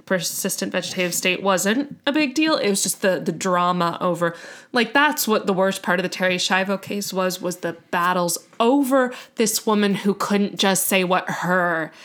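A woman's voice: fairly low pitch, moderate pace, fairly bright tone. A woman co-hosting a podcast, telling a long story in casual chat, chatty and full of fillers and self-corrections. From United States. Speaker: podcast co-host.

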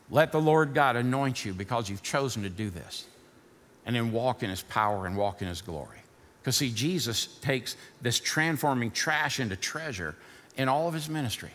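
A male pastor preaching a sermon in a church, building to fired-up shouting and easing into a softer prayer. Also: medium pitch, big-room sound. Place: church sanctuary.

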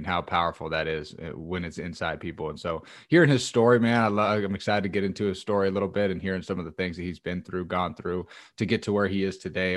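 Low-voiced energetic podcast co-host man. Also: no room sound, clean studio sound. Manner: energetic, enthusiastic, storytelling. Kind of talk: casual chat.

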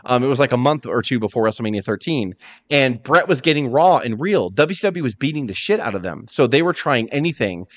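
A man's voice: medium pitch, a little fast, no room sound. A man hosting a podcast in casual chat, telling stories animatedly and acting out quotes. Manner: animated storyteller, acts out quotes. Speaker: podcast host.

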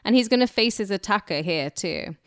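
A woman's voice: mid-range voice, lively intonation, brisk, dry recording, clean studio sound. A woman co-hosting a podcast, telling a history story with irreverent, crude jokes and frequent laughs. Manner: laughs often. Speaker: podcast co-host.

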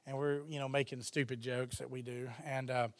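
A man's voice: medium pitch, fairly quick, no room sound. A man telling a casual story as a guest, laughing often and acting out what others said. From Texas, USA. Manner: animated, laughs often, acts out others' lines.

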